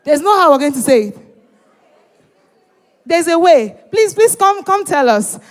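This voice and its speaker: A woman with a very high-pitched voice hosts a live event in a large, reverberant hall, speaking a little slowly. She is animated, bantering with and teasing the audience and urging them to join in.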